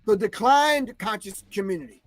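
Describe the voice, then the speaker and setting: A man's voice: high-pitched, lively intonation, normal speed, dry recording, faint music behind. A man giving an impassioned spoken lecture, emphatic and scolding, repeating lines and asking "all right?" for emphasis. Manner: scolding, confrontational. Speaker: commentator.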